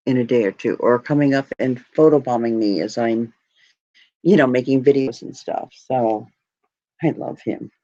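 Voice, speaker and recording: A woman's voice: very deep voice, warm tone, no echo. Heartfelt rambling woman streaming live. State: tearing up. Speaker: jewelry live stream host. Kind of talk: casual live stream chat. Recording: dry, muffled lo-fi audio.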